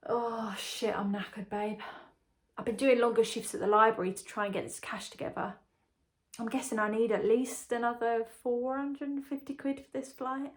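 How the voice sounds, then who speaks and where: Actress as a young woman, chatty, confiding, breezy, slightly high voice, dramatic monologue. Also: close to an everyday voice. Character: chatty young woman engaged to a condemned prisoner. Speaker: lead character in a monologue.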